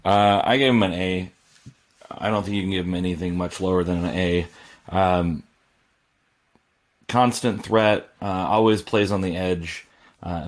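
A man co-hosting a casual sports podcast over a call, measured and earnest, filling with um and you know. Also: low-pitched. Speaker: podcast co-host.

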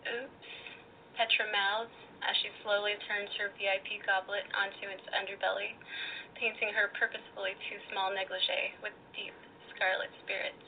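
A woman's voice: mid-range voice, normal speed, gravelly. Woman reading a story over a phone line. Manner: expressive, teasing. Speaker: caller reading her story. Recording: tinny phone line, faint noise.

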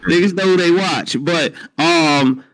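A man co-hosting a casual podcast chat, speaking bluntly, with halting restarts. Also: on the high side, a bit bright, no room sound, low-quality recording. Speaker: podcast co-host.

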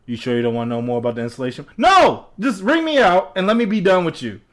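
A young man casually telling a story, acting out both sides of a phone call, animated and laughing often. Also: high voice, quick pace.

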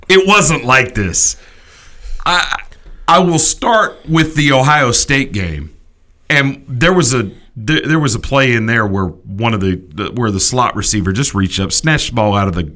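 A man hosting a sports talk show, ranting in an animated, emphatic way with quick restarts. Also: mid-range voice.

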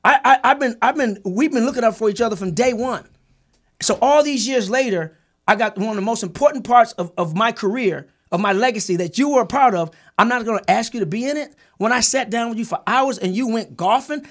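A man's voice: very high-pitched, fairly bright tone. A man who created and executive-produced a documentary, telling a heated story in a group conversation. He talks emphatically, repeats and restarts words, and swears freely.

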